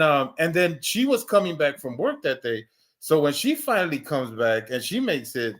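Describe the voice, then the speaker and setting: A man's voice: on the high side, fairly bright tone. A man in his thirties telling a long personal story in casual chat, full of restarts and repeated words, swearing now and then. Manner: acts out quoted lines in a raised voice. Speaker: podcast co-host.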